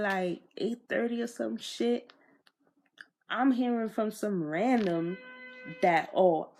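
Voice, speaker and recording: Slow-talking slangy young woman vlogger. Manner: animated, slangy, swears, pitch jumps when riled. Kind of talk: casual storytime. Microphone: iPod camera.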